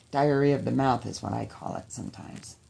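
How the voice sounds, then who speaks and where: A woman's voice: a bass voice, fairly quick, gravelly, mellow. A woman talking straight to her viewers in a personal vlog, heartfelt and pleading, with a rising emotion near tears. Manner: heartfelt, pleading, repetitive exhortations. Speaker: vlogger.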